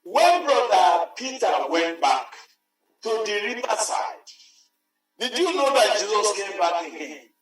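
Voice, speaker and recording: A man preaching a sermon, emphatic and repeating his phrases, sometimes rising to a shout. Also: high voice, big pitch swings, a little slow. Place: large church hall. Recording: very echoey church hall, mic far off, faint music.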